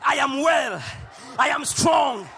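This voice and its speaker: A man from Uganda preaching a sermon in a church, shouting and playful, with call and response. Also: extremely high pitch, lively intonation, takes it slowly, vocal fry. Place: large church hall. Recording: long hall reverb.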